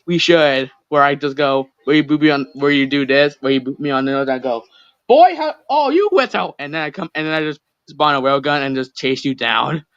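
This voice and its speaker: A man's voice: mid-range voice, little pitch movement, a bit bright, clean tone, dry recording, dull audio. A man streaming a game with a friend, chatting casually in a playful, teasing way. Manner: playful, teasing, quick to break into silly voices. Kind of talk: casual gaming chat.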